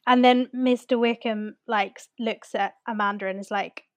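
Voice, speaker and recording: Woman, fairly high voice, dry close sound, rambling plot recap, casual chat. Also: fairly even intonation, moderate pace, no room sound. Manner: rambling, acts out characters' lines with swearing.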